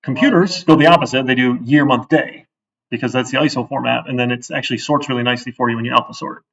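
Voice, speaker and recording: A gravelly-voiced man runs a casual coding lecture, thinking aloud as he types. He is picked up from across a classroom, so his voice sounds distant and dull. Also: mid-range voice, fairly even intonation, quick pace, a bit bright. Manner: conversational, thinks aloud, often asks "right?". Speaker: programming instructor.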